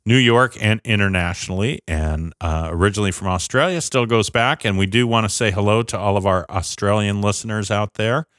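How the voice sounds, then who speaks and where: Low-voiced radio host. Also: male voice, fairly quick, few pauses, fairly bright tone, no echo, studio quality. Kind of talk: casual interview.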